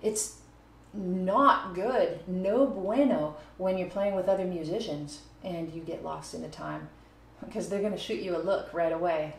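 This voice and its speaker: Chatty woman teaching, lowish voice. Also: normal speed, vocal fry. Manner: counts beats and scats phrases aloud. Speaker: music teacher. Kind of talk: casual video lesson. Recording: echoey room with faint noise.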